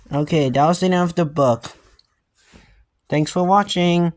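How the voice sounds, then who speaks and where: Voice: mid-range voice, measured pace, pauses often, a little mellow. A young reader stumbling and restarting while reading a children's book aloud. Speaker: storybook reader.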